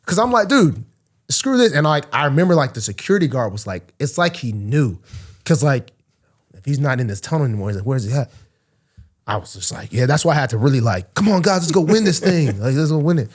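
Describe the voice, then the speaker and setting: Animated young man telling stories. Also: mid-range voice, fast talker. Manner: animated storyteller, acts out quotes. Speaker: podcast co-host, football player. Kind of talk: casual podcast banter.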